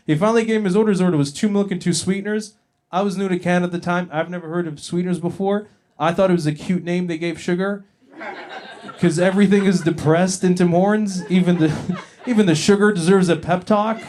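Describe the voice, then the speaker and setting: Male stand-up comic, brash and profane, chuckles through his bits, slightly high-pitched. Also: fairly quick, darkish tone. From Libya. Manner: brash, profane, laughing at his own jokes. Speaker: stand-up comedian. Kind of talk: stand-up comedy set. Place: comedy club stage with live audience.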